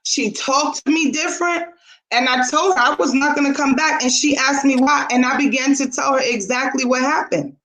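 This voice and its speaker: A woman's voice: high voice, normal speed, reverberant, low-quality recording. A woman co-hosting a casual talk show, telling a story animatedly and acting out the dialogue. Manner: animated, acts out quoted dialogue.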